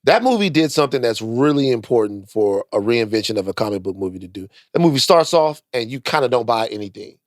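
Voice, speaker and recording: A man in a casual podcast conversation who argues insistently, circling back to repeat his point. He speaks at an ordinary pitch, and his voice sounds dry and close with little room echo. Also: sing-song, quick pace, hardly any pauses. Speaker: podcast co-host. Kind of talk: casual chat.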